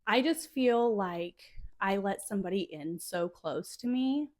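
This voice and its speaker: A woman's voice: mid-range voice, lively intonation, unhurried, a little mellow. Rambling woman podcaster, emotional. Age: 30s. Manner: rambling, frequent "like" fillers, emotionally charged. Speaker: podcast host. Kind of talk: casual solo podcast monologue.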